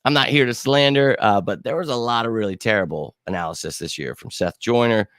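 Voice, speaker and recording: Excitable man on a live stream. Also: medium pitch, brisk, no echo, clean studio sound. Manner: excitable, slangy, says bro a lot, bursts into shouts. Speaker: host of a fan live stream. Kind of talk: casual live chat answering viewer comments.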